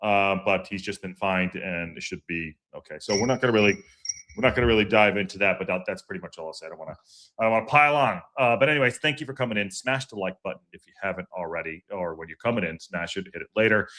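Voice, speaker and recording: A man hosts a fan podcast live stream in a relaxed, chatty way. His voice sits a little low. He wanders from point to point, restarts his sentences, fills gaps with ums and uhs, and calls out viewers by name. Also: quick pace. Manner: rambling, repeats himself with many fillers; greets chat viewers by name. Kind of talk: casual livestream chat.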